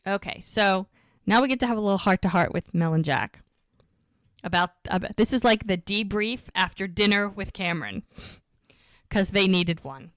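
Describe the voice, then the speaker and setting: A woman's voice: medium pitch, moderate pace, fairly bright tone, no room sound, studio quality. A woman hosting a rewatch podcast, casually recapping a TV episode scene by scene with lots of "like" and "she goes.". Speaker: podcast co-host.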